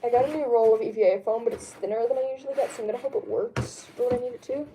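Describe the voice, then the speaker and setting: A woman's voice: a little high, rapid-fire, mellow, a little hiss or hum. A young woman chatting casually on a home stream, answering chat in a rambling way with lots of fillers. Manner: rambling, lots of ums, laughs easily. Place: home room.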